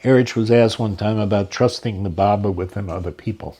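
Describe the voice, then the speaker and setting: A man telling spiritual stories in a calm, measured way. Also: on the low side, husky. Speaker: storyteller. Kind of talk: spoken story narration.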